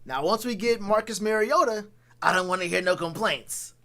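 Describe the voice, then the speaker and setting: A man with a notably high-pitched voice talks straight to his live chat in a loose sports rant. He is blunt and full of slang, and he circles back on his own phrases to drive a point home. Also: moderate pace, sharp tone. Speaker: sports commentary streamer.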